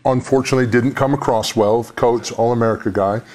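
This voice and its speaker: A man's voice: mid-range voice, fairly even intonation, fast talker, darkish tone. A man joking around as a guest on a panel talk show, often putting on silly voices. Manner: jokey, slips into mock voices. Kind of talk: casual panel banter.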